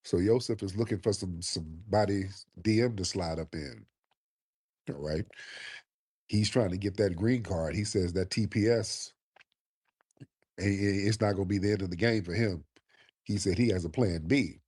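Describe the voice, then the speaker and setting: A man's voice: low voice, normal speed, long pauses, a little mellow, slightly rough. A man hosting a call-in show, teasing and mocking his callers in casual banter. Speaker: show host taking callers.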